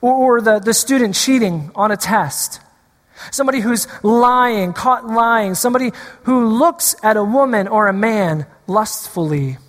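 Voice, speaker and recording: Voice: medium pitch, a little slow, big-room sound. A preacher delivering a sermon, repeating key lines for emphasis and drawing the congregation in.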